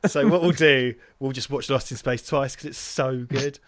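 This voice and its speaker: A man's voice: medium pitch, steady tone, moderate pace, no room sound. A man co-hosting a movie watch-along stream from the UK, joking sarcastically and reading out donations. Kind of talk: casual film commentary chat.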